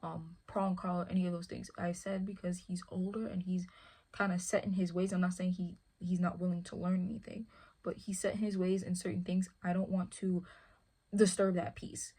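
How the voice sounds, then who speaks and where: A woman's voice: on the low side, level tone, normal speed, warm tone, husky. A woman who handles a service dog, talking casually and rambling, often asking "you feel me". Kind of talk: casual chat.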